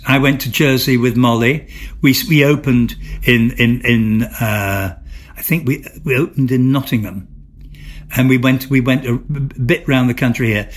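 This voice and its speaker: Older English actor telling stories. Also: male voice, medium pitch. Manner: theatrical, repeats and restarts words, amused storytelling. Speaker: interview guest, former soap actor. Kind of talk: candid anecdotal chat.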